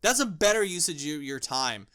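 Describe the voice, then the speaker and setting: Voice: medium pitch, sing-song, moderate pace, sharp tone. A film reviewer ranting with exasperation and profanity, repeating words and restarting lines when worked up.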